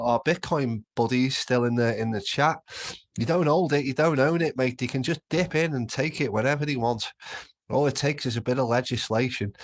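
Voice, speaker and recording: A middle-aged man hosting a casual live stream, rambling, swearing and repeating himself as he reads the chat. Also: medium pitch.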